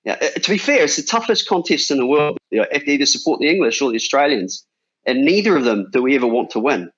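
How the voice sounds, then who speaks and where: A man's voice: medium pitch, very animated, fast talker, fairly bright tone, slightly rough. A man in his forties from New Zealand, a former cricketer chatting casually as a podcast guest with lots of restarts. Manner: chatty, bantering, many restarts. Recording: dull lo-fi sound.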